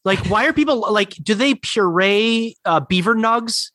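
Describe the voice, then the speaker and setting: A man's voice: high voice, lively intonation, a little slow, sharp tone, dry recording. A man co-hosting a podcast in casual chat, cracking jokes and wisecracks. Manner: jokey, wisecracking. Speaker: podcast co-host.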